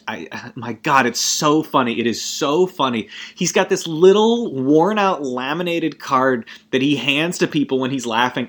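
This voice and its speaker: A young man talking casually about a film in a voice of ordinary pitch. He rambles and swears, constantly breaking off and restarting his sentences. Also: a bit bright. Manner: rambling and profane, frequent self-interruptions. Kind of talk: casual movie rant.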